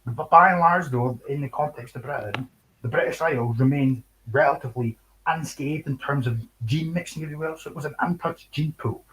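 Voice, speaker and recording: A man's voice: a little high, brisk, fairly bright tone, slight background noise, rough recording. Young Scottish man, livestream host; casual, cutting, sweary delivery with bursts of laughter. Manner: sweary, scornful, laughs between points. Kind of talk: casual chat.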